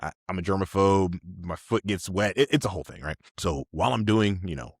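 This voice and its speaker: Deep-voiced man telling stories animatedly. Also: brisk, no room sound, studio quality. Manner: animated, acts out voices, laughs often. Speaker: podcast guest, army officer. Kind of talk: casual storytelling.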